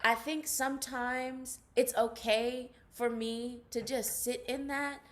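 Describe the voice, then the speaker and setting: A woman's voice: fairly high pitch, steady tone, slow, a bit bright. A young adult woman, an actress, speaking passionately and emphatically as a guest in an interview. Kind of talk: interview conversation.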